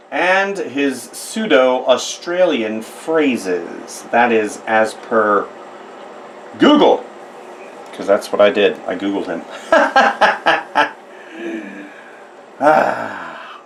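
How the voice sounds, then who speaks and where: A man's voice: mid-range voice, slight background noise, low-quality recording. A man from the United States narrating a casual drawing tutorial, chatty and rambling with self-deprecating asides. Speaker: art tutor.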